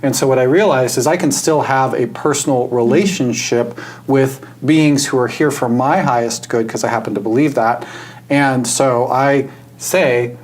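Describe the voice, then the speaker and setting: A man, a guest who does energy work, talking earnestly and reflectively in a relaxed conversation and slowing down to stress his points. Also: medium pitch, rough recording. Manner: earnest, reflective, slows down for emphasis. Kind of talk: casual spiritual conversation.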